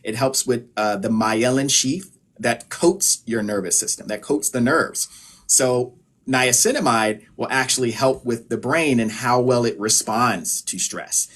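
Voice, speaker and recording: A man from the United States talks through health advice in a loose, conversational way, dotting his points with filler phrases. His voice sits at an ordinary male pitch. He sounds like a practitioner speaking to viewers on a live stream. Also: unhurried. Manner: relaxed, explanatory, many filler phrases. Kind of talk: casual live-stream talk.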